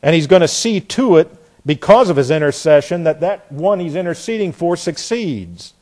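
A man preaching an expository sermon, hammering home key phrases by repeating them and dropping into quiet asides. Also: on the high side, lively intonation, normal speed.

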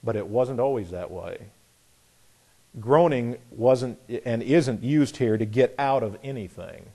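A man's voice: medium pitch, a little slow, dark tone, breathy edge. A man preaching a sermon in an earnest, emphatic way, asking rhetorical questions and often restarting his phrases.

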